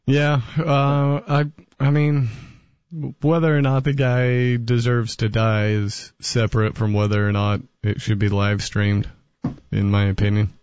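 A man's voice: medium pitch, completely flat delivery, unhurried, darkish tone, clean tone, no echo, highs cut off. A male talk radio host, reasoning in an amused way as he takes callers.

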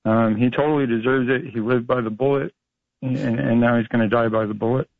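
A man's voice: medium pitch, steady tone, fairly quick, no echo. A man from Florida phones in with wry jokes, full of uhs and restarts. His voice comes through a thin, dry phone line. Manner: joking, hesitant with fillers. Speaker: caller. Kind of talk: call-in radio chat.

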